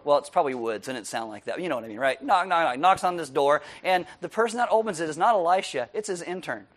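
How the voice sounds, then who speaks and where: A male pastor delivers a lively sermon in a high, bright voice. He laughs easily, keeps asking his listeners "right?", and swings between loud punches and quiet asides. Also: fast talker, soft background music. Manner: laughs often while preaching.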